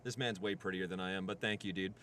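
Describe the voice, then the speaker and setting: A man's voice: low-pitched, steady tone, quick pace, a bit bright. A man hosting a livestream, joking irreverently and thanking subscribers. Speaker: streamer host. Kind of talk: casual livestream chat.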